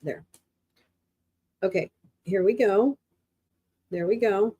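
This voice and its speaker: A woman's voice: medium pitch, slow, mellow, husky, highs cut off. A woman hosting a livestream in casual chat, thinking aloud as she tries out gadgets at her desk. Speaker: livestream host. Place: at her desk, home streaming setup.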